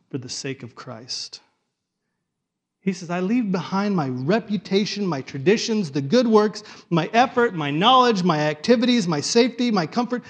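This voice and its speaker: A man preaching a sermon in an animated way, often acting out the thoughts of imagined listeners. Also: fairly high pitch. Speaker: pastor.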